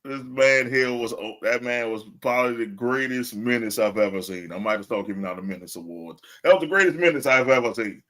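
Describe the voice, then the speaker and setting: A man's voice: medium pitch, fairly quick, few pauses. A man co-hosting a wrestling podcast, chatting casually and laughing often. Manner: laughs often, animated storytelling. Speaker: podcast co-host.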